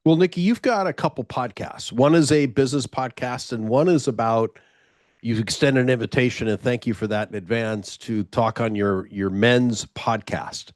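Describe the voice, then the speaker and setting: A man's voice: mid-range voice, moderate pace, no room sound, clean studio sound. A man hosting a podcast, asking casual interview questions, rambling and restarting his sentences along the way. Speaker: podcast host.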